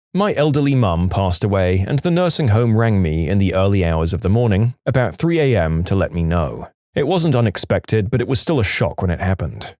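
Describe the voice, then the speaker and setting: A man narrating submitted stories in a relaxed, conversational storytelling manner. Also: mid-range voice, no room sound, clean studio sound.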